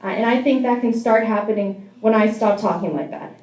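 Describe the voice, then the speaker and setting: A woman's voice: medium pitch, brisk, roomy sound, crowd noise, low-quality recording. Wry, self-deprecating young woman comic. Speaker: stand-up comedian. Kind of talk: stand-up comedy set. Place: bar venue.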